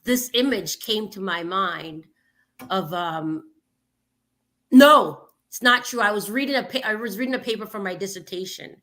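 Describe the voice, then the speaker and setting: Bright-voiced woman performing spoken word. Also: mid-range voice, normal speed. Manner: dramatic spoken-word delivery with big swings in loudness; chatty, loose and full of fillers when talking. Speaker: guest poet. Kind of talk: spoken-word poetry and casual chat.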